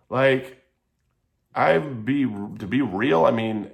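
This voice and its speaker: A man telling a personal story to camera in a casual, heated, profane way. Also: lowish voice. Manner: heated, profane, animated retelling.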